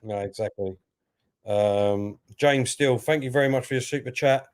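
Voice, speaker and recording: A man with an East London accent co-hosting a football fan live stream, reading out viewer comments and chatting in a relaxed, friendly way. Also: medium pitch, normal speed. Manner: chatty, relaxed, thanks viewers and retells comedy bits. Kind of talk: casual chat.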